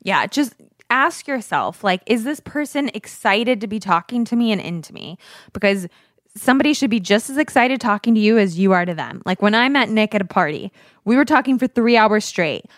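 A woman's voice: on the high side, expressive, a little fast, no room sound, clean studio sound. A woman co-hosting a casual dating podcast, talking in a chatty way full of "like". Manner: chatty, lots of "like". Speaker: podcast co-host.

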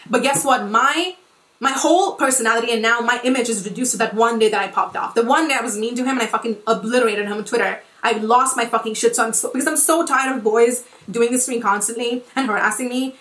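A woman's voice: fairly high pitch, fast, a bit bright, reverberant. A woman in her twenties hosting a podcast, ranting in a heated, casual way, with frequent swearing and "like" fillers. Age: 20s. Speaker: podcast host. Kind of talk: casual monologue.

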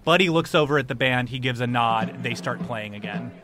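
A man's voice: medium pitch, brisk, fairly bright tone, faint music behind. A man narrating as game master of a tabletop game, describing scenes vividly.

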